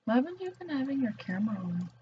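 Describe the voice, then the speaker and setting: A woman's voice: on the high side, big pitch swings, fast. A young woman teasing a friend in dry casual banter, heard off-mic without a headset. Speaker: friend in the room. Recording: dull off-mic audio with faint noise.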